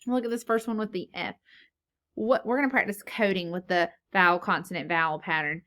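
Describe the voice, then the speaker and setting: A woman's voice: lowish voice, fairly even intonation, fairly quick, a bit bright. Patient woman teaching a phonics lesson. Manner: patient, asks questions and answers them herself. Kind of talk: phonics lesson for young children.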